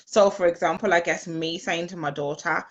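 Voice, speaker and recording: Lady host chatting, lowish voice, reflective and storytelling. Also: fairly even intonation, normal speed, lo-fi sound. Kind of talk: casual chat.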